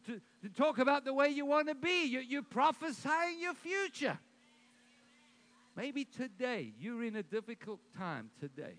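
High-voiced emphatic middle-aged preacher man. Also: fairly bright tone. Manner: emphatic, repetitive declarations with joking asides. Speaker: pastor. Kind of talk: sermon.

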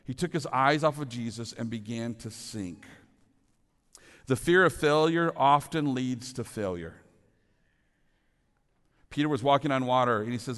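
A man's voice: medium pitch, unhurried, pauses often, fairly bright tone. Earnest male pastor in a reverberant hall. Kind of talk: sermon. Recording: long reverb of a large hall.

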